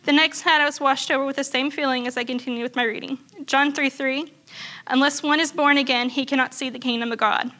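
A woman's voice: high-pitched, steady tone, quick pace, pushed and bright. A woman earnestly reading aloud a written faith testimony to a church group. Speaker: church member sharing testimony.

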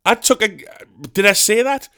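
A man's voice: sits high, normal speed, pushed and bright, clean tone. A young man, telling a sweary, self-mocking comic story as a podcast host. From northeast England. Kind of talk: comedic storytelling monologue.

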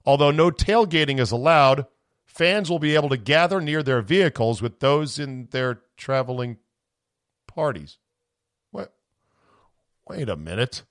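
A man's voice: medium pitch, expressive, a little slow, long pauses, no echo, clean studio sound. A man hosting a sports podcast, ranting sarcastically with profanity, his voice strained from screaming. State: voice going from screaming. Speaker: podcast host.

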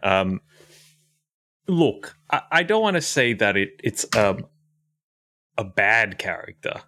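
Low-voiced man as podcast guest. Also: sing-song, slow pace, bright, forceful tone, slight background noise. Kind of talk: casual podcast chat.

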